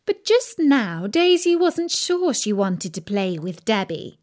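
A woman reading a children's story aloud in an expressive, gently dramatic way. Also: medium pitch, slow pace.

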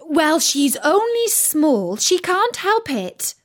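A woman voicing a bossy, brisk mother who scolds her children. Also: extremely high pitch, big pitch swings, pitched above the performer's own voice, heavily acted. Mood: scolding. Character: bossy busy mother, no-nonsense.

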